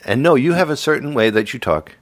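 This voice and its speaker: A man's voice: medium pitch, lively intonation, fast, dry recording. A man hosting a podcast in casual chat, teasing his guest, laughing often and fond of doing impressions.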